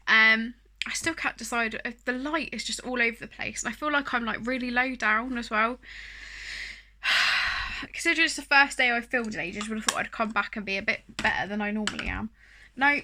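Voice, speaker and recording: A woman's voice: on the high side, steady tone, moderate pace, pushed and bright. A woman chatting casually through a makeup tutorial, rambling and self-deprecating, with plenty of fillers. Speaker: beauty vlogger.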